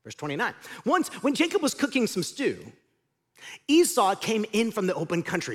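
A middle-aged man preaches a sermon with a high, lively voice that swings widely in pitch. His delivery is animated, rising to near shouts and falling to quiet intensity. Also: normal speed. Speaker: pastor.

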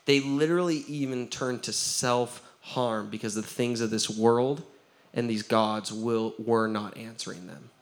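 A man, a pastor giving a lively sermon, acting out the quotes he tells and laughing often. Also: mid-range voice, a little slow.

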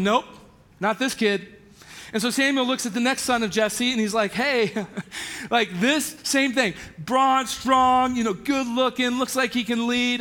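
A man with a notably high voice delivers a sermon. He retells scripture as a casual story, slipping into everyday slang as he acts out the characters' lines. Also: fairly bright tone. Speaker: pastor.

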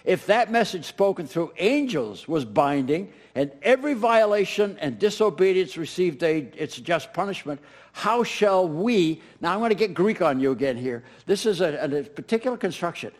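A man's voice: on the high side, normal speed, hardly any pauses. A middle-aged man preaching a sermon as pastor, emphatic and repeating key phrases. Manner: animated, emphatic preaching with repetitions.

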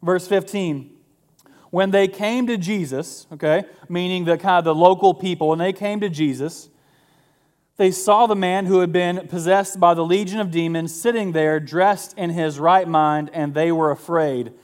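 A male pastor reads scripture and preaches in a relaxed, conversational way. His voice sits a little high and sounds smooth and resonant. He breaks in with jokey asides to his listeners. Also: moderate pace. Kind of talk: sermon.

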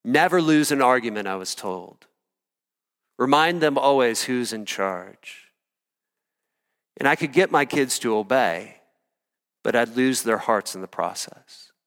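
A pastor preaching a sermon, earnest and animated, telling stories and calling out to the congregation. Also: male voice, mid-range voice, measured pace, big-room sound. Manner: earnest, animated storytelling with audience asides.

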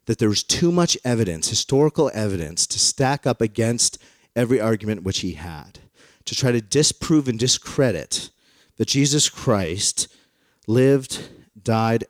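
Man preaching in a relaxed, storytelling way. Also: lowish voice, measured pace, dry recording, clean studio sound. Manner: conversational storytelling. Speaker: pastor. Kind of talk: sermon. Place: in front of a congregation.

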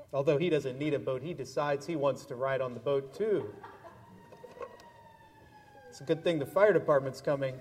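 Playful man telling a children's story. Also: a little high. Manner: animated storytelling with toys, playful. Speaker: pastor leading a children's message. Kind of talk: children's message in church. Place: large church sanctuary. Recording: long church reverb.

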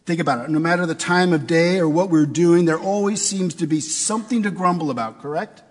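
A man's voice: fairly high pitch, a little fast, big-room sound. A man preaching a sermon in a conversational way, asking his listeners rhetorical questions. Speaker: pastor.

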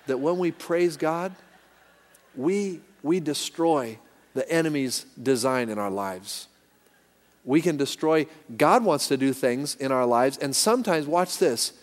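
A male pastor preaches with emphasis in a slightly high voice, leading call-and-response lines with his listeners. His words trail into a long reverb from a big church hall. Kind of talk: sermon.

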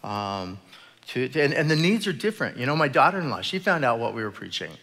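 A middle-aged man preaching a sermon in church, telling a story with halting, repeated words. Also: medium pitch, sing-song, bright, forceful tone. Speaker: pastor. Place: church sanctuary. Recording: echoey church hall.

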